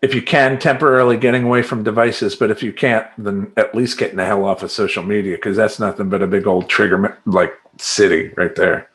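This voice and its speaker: A man talking as a life coach in a motivational monologue, emphatic and animated, chanting affirmations in rhythmic repetition. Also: fairly low pitch, fairly quick, few pauses.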